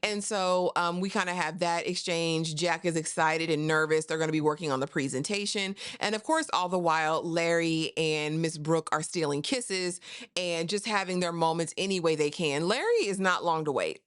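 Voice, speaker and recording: A woman talks through a TV episode recap in a casual, chatty way. She is sassy and often tosses in "honey" or "girl". Her voice sits a little low for a woman. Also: normal speed, fairly bright tone, smooth, no room sound, clean studio sound. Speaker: TV recap host.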